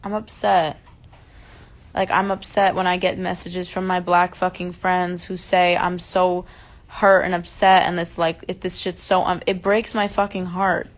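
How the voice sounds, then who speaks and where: This young woman livestreams from home, recorded on her phone, swearing through a heated rant as she openly vents her upset and rage. Her voice is lowish and monotone, at a normal pace.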